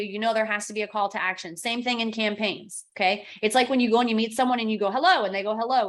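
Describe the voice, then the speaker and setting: A middle-aged woman coaching real estate agents through software on a screen recording. She narrates every click in a plain mid-range voice, moving from one step to the next and now and then acting out the texts a client might send. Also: medium pitch. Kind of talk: screen-share software tutorial.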